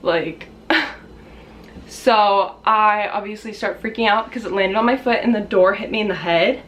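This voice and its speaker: A young woman vlogger telling a casual storytime, chatty with lots of fillers, acting out quotes in shrill high voices. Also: measured pace, fairly bright tone.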